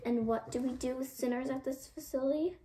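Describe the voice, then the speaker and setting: A woman's voice: sits high, fairly even intonation, brisk, noisy background, pitched above the performer's own voice, natural voice. Woman reading as a stern sneering administrator. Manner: commanding, sneering. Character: stern pious male orphanage administrator.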